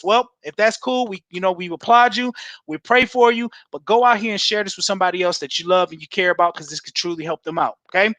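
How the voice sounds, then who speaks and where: A man giving an energetic, preacher-like sales pitch over a video call. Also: fast talker, no echo. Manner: fired up, preacher-like exhortation. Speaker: guest presenter.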